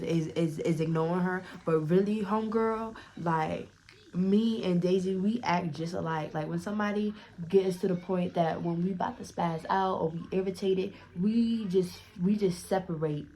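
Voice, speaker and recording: A young woman vlogger telling a casual story time, profane and animated, often repeating herself. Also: fairly low pitch.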